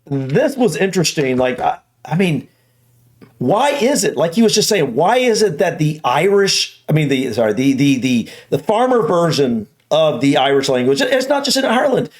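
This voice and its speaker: A man with a mild Southern US accent, chatting casually on a reaction video, rambling and repeating words as he thinks aloud, a bit hoarse. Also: on the high side, very animated, normal speed. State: slightly hoarse.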